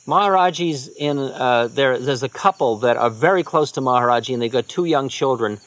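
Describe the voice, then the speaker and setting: A man giving a storytelling talk as a spiritual teacher, relaxed and conversational, often dropping into quiet asides. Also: mid-range voice, moderate pace.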